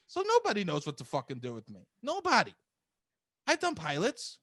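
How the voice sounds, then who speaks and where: A man co-hosting a podcast, telling profane, animated stories about auditions and laughing often. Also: high voice, normal speed, long pauses, no echo, clean studio sound. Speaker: podcast co-host, comedian. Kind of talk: casual storytelling chat.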